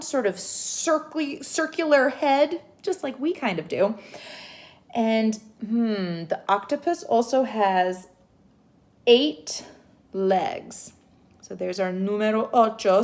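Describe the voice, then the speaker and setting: A young woman giving a home literacy lesson to young children, sounding out words slowly and gently. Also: a little high. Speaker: teacher.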